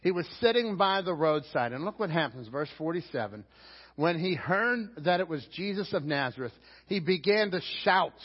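A pastor with a Pittsburgh accent preaching a sermon, animated, acting out shouted lines from the text. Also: male voice, high-pitched, moderate pace, breathy edge. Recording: dull sound with long hall reverb.

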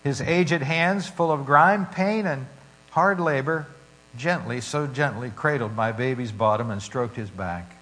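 A man preaching, reading a story and scripture with dramatic shifts in loudness. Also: mid-range voice, unhurried, poor audio. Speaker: pastor.

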